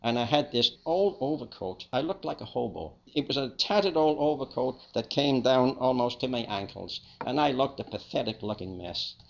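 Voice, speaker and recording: An older man from England speaks with a Liverpool accent, recounting his past in a plain, unhurried testimony with the odd restart. His voice sits at an ordinary pitch with a gravelly, creaky edge. The recording sounds a little dull and muffled. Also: expressive, slight background noise. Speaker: speaker giving a personal testimony. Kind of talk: reflective storytelling.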